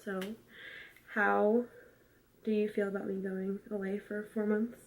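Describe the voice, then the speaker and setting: A young woman talks casually to her vlog audience, chatty and given to laughter. Her voice sits at an ordinary middle pitch. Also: little pitch movement, unhurried, slight background noise. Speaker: vlogger. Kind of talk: casual chat.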